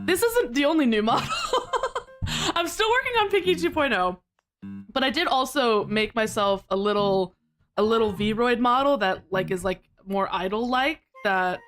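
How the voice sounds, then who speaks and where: A bubbly woman streams from home, chatting and giggling with her viewers. Her voice sits fairly high and swings up and down a lot. Soft music plays faintly behind her. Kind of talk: live-stream chat with viewers.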